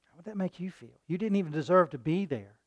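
A man preaching a sermon in a folksy style, often asking his listeners "right?" and loudly acting out the voices of a mocking crowd. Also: high-pitched, fast. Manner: animated, acts out mocking crowds in loud voices.

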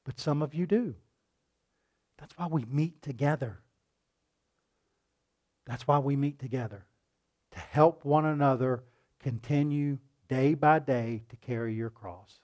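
A man preaching a sermon with passion, asking the room rhetorical questions and swinging between loud and hushed delivery. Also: medium pitch, measured pace, pauses often.

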